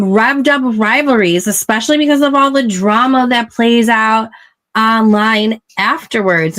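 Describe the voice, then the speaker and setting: A woman hosting a casual chat show, explaining things in a measured way. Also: fairly high pitch, fairly bright tone. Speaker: podcast host.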